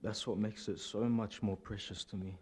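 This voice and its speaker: A nervous man giving a funeral eulogy for his grandfather in a church, halting and repeating words. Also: lowish voice, steady tone, a little mellow, a little hiss or hum.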